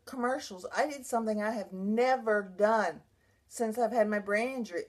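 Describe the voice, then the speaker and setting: Emotional woman telling her own story. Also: fairly high pitch. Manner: emotional, rambling, with many restarts. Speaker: brain injury survivor sharing her story. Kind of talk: personal vlog monologue.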